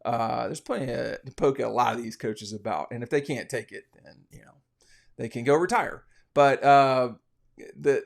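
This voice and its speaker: A man's voice: medium pitch, lively intonation, normal speed, creaky. A man hosting a casual college football podcast, giving rambling, opinionated betting commentary with frequent restarts. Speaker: sports podcast host.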